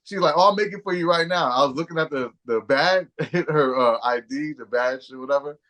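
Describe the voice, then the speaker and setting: A man's voice: on the high side, fairly quick, fairly bright tone. A man co-hosting a podcast, telling long, slangy, profane anecdotes in casual chat. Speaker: podcast co-host.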